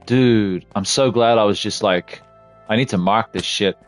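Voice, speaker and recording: A fairly low-voiced man streaming a game, talking casually and loosely. He curses freely and bursts into loud yelps whenever something jumps out at him. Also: measured pace, faint music behind. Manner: excitable, swears, yelps at surprises. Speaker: let's play streamer. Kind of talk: casual gameplay commentary.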